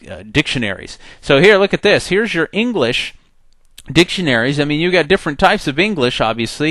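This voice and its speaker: A man teaching a software tutorial in a chatty way, acting out the program's messages in little voices. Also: medium pitch, dry recording. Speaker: software instructor. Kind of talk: screen-recorded software tutorial.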